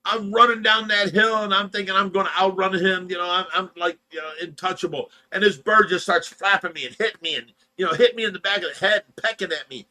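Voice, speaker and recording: A man with a fairly high, bright voice hosts a casual livestream. He sounds tired from lack of sleep and tells long, rambling stories, often laughing through them. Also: quick pace, few pauses. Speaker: livestream host. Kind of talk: casual storytelling chat.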